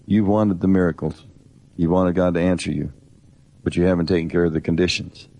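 A man's voice: low voice, flat delivery, brisk, vocal fry, darkish tone. A middle-aged man co-hosting a Bible teaching program, preaching earnestly and directly in a conversational way.

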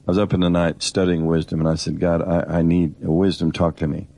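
A man's voice: deep voice, flat delivery, brisk, gravelly, warm tone, dry recording. A middle-aged man co-hosting a Bible teaching program, preaching earnestly and directly in a conversational way.

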